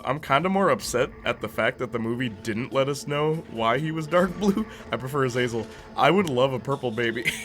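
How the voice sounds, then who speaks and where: A man's voice: medium pitch, fairly bright tone. A young man chatting casually as a streamer while reacting to a movie, rambling and slangy, laughing often.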